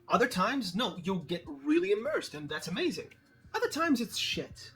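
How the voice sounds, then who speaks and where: A man giving casual, profane, animated commentary as a movie reviewer, slangy and laughing at his own jokes. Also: high voice, brisk, faint music behind.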